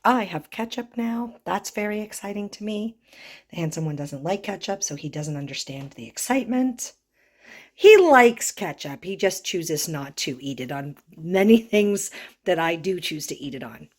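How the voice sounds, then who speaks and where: A woman's voice: lowish voice, expressive, normal speed. A woman from Canada chatting casually through a home kitchen vlog, explaining recipes step by step with plenty of enthusiasm. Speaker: vlogger.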